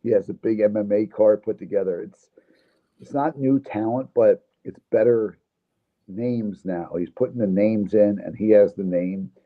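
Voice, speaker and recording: A man's voice: lowish voice, moderate pace. A man, a fight promoter, speaking as a guest in a casual interview, blunt and opinionated. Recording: tinny phone line.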